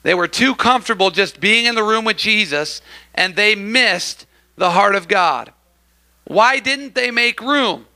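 Bright, high-voiced male preacher. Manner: animated, acts out crowd voices, calls for amens. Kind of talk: sermon. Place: church.

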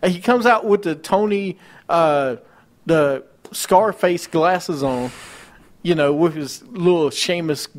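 Slow-paced and a little high, this man co-hosts a laid-back wrestling podcast. He runs through match cards and launches into rants full of mocking disbelief.

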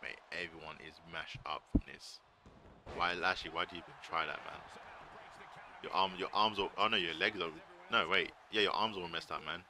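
A man streaming a wrestling video game live, excitedly commentating, swearing and shouting at the screen. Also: low-pitched, fairly quick, background noise. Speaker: gaming streamer.

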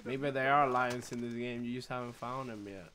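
A young man streaming a shooter game live, swearing and trash-talking through casual commentary with sudden loud outbursts. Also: medium pitch, fairly even intonation, normal speed, slight background noise. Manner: profane, loud, reacts with outbursts and trash talk. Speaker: gaming streamer.

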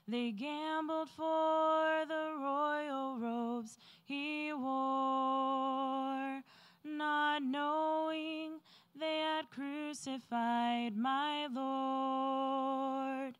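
High slow gospel singing woman. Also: clean tone. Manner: sustained, soaring on the refrain. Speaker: church soloist. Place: church sanctuary.

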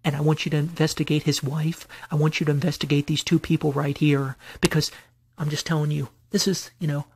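Husky guy venting late at night, goes round in circles, restarts a lot, gets heated and swears. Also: a little high, little pitch movement, a little fast, darkish tone, dry recording, clean studio sound. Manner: rambling, repeats himself with many restarts and fillers; aggrieved, builds into bursts of anger and swearing. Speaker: vlogger. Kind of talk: late-night personal rant to camera.

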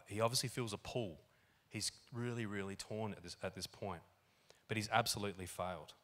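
A man preaching a sermon in an animated, conversational way, with lots of fillers. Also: deep voice. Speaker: pastor. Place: church hall.

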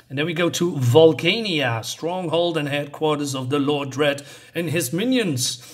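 A man casually reviewing a comic book and recapping its story, often halting and restarting as he searches for words. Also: fairly high pitch.

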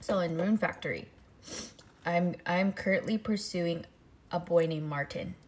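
Young woman streamer rambling through a story, casual chat, gets loud and squeaky on the reactions. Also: measured pace, slight background noise. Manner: animated storytelling, pitch jumps for quoted reactions. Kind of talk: casual chat while eating. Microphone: desk mic, no face cam.

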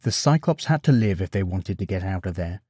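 A man narrating a bedtime story in an expressive, animated way. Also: deep voice, brisk, breathy edge, dry recording, clean studio sound.

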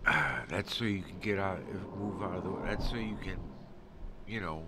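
A man's voice: low voice, normal speed. A middle-aged man streaming a game in casual commentary, swearing freely and breaking into mock rants. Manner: profane, bursts into mock rants. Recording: steady background noise.

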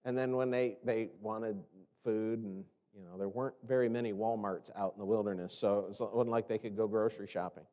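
An American man preaching a sermon as pastor, animated and often mimicking the complaining voices of others. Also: fairly low pitch, fairly quick. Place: church sanctuary. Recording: long church reverb.

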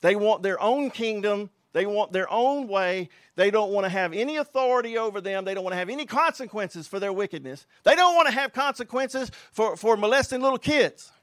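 A man preaching a fiery, emphatic sermon as a pastor and quoting scripture forcefully. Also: high voice, lively intonation, brisk, hardly any pauses, no room sound.

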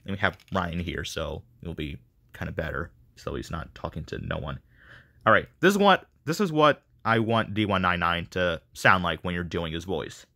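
Speaking at normal speed, this video creator has a low, sharp voice with vocal fry and big swings in pitch. He is running a voice casting call, chatting casually and self-deprecatingly to viewers as he rambles.

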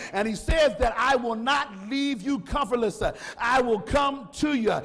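High-voiced fervent preacher man, slow. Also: vocal fry, fairly bright tone. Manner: fervent, half-sung preaching cadence with frequent "uh". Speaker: pastor. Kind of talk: sermon. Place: church sanctuary. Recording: long reverb of a church hall.

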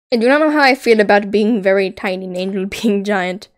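A young woman playing along in a game, chatty and giggly, gushing over cute pets. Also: mid-range voice. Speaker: co-player. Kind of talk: casual gaming chat.

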